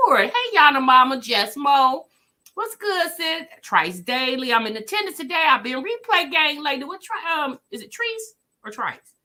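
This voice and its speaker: A woman's voice: sits high, bright, forceful tone. A woman hosting a casual livestream, greeting viewers by name and chatting with sassy asides. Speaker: livestream host.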